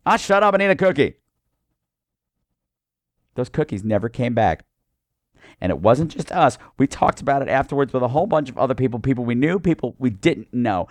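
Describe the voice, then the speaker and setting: A podcast host giving a heated, profane, sarcastic movie review. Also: male voice, mid-range voice, expressive, brisk, a little mellow, no echo, clean studio sound.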